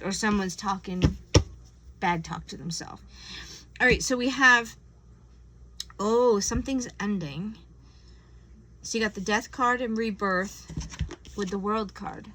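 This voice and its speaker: A woman giving a casual spiritual tarot reading, earnest and gentle, often acting out imagined conversations. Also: mid-range voice, slight background noise, low-quality recording. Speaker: tarot reader.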